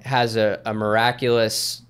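A man's voice: lowish voice, little pitch movement, measured pace, fairly bright tone, clear, resonant tone. A man in his thirties, a podcast guest, telling stories in an easygoing, rambling way with lots of fillers. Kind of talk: casual storytelling in conversation.

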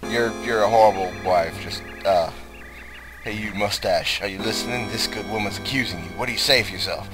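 A young man giving loud, profane let's play commentary with frequent laughing outbursts. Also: fairly low pitch, a little fast, music in the background. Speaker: let's player.

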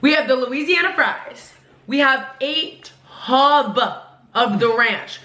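A woman's voice: high voice, takes it slowly, bright, forceful tone. A young woman in her twenties hosting a casual food vlog, chatty and bubbly, laughing often. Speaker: vlogger host. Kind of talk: casual mukbang vlog chat. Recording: echoey room, faint noise.

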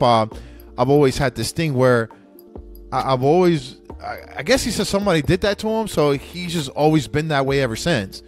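A young man hosting a podcast, telling a candid, profane story with many restarts. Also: a little high. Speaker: podcast host. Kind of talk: casual storytelling monologue.

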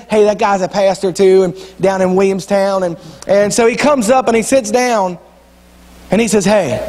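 Pastor, high voice, folksy storytelling sermon in a reverberant sanctuary. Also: male voice, a little mellow. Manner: folksy storytelling preacher, repeats phrases, drops into quoted voices. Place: church sanctuary. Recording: long church reverb.

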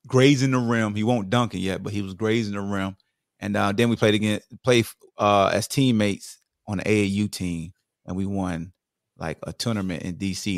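A man in his forties from Virginia, a podcast guest casually telling animated stories about his football days. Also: low-pitched, dry recording, studio quality. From Virginia, USA. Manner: animated, acts out other people's lines. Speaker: guest, former football player. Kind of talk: casual storytelling.

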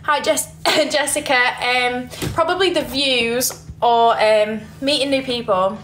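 A woman's voice: high voice, slow, a bit bright, a little hiss or hum. Chatty young woman with a Yorkshire accent. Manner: chatty, giggly, reads comments aloud. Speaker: livestreamer reading viewer comments. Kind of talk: casual livestream chat. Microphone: phone.

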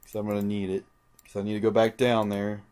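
A man's voice: on the low side, completely flat delivery, fast, darkish tone, clear, resonant tone. A young man commentating his own video game playthrough, muttering, frustrated and swearing constantly. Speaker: gaming channel host. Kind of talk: let's play commentary.

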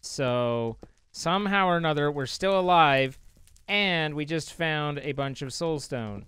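A game host chatting live through gameplay, excitable and shrieking whenever in danger. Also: mid-range voice, a little slow, smooth. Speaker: channel host and player.

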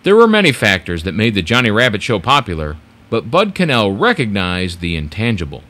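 A man giving polished, expressive scripted documentary narration. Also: lowish voice, a little fast.

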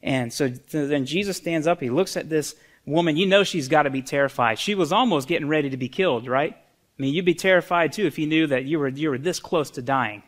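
A man's voice: a little high, brisk. A man preaching a sermon as pastor, conversational and earnest, often repeating words as he goes.

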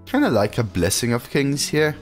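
Faint music runs beneath a male streamer's relaxed, chatty commentary on a digital card game, his pitch bouncing as he reacts. He talks at normal speed and answers his chat aloud between turns.

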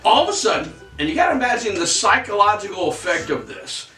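A man co-hosting a history podcast, telling the story in a casual, profane, animated way. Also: high voice, quick pace, distant mic. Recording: echoey room, off-mic, faint music.

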